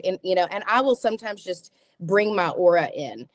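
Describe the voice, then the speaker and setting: Expressive woman telling a story, dry sound. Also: medium pitch, normal speed, no room sound. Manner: expressive, acts out quoted dialogue, frequent restarts. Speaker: psychic medium guest. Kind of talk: animated storytelling in a talk show interview.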